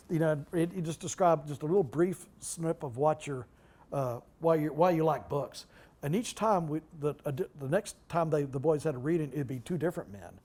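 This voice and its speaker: Higher-voiced older man telling stories. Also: a little mellow. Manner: halting, with many restarts and asides. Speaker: guest speaker, retired library director. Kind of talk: anecdotal storytelling at a public talk.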